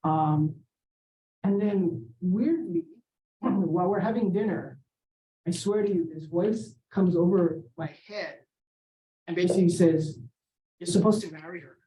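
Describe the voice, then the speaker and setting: A middle-aged man from Hawaii giving a seminar talk, telling a personal story, acting out the dialogue, clearing his throat and adding "right?" as he goes. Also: high-pitched, takes it slowly, pauses often, a little hiss or hum. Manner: animated, acts out quoted dialogue, often clears throat and adds "right?". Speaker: seminar speaker. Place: lecture room. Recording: echoey room, voice far from the mic.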